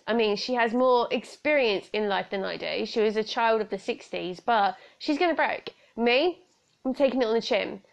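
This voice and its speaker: A woman's voice: fairly high pitch, moderate pace, vocal fry. Chatty British woman with frequent laughter. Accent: British English. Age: 30s. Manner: chatty and rambling, laughs a lot. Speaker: podcast host. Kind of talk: solo podcast chat. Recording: slightly dull lo-fi sound.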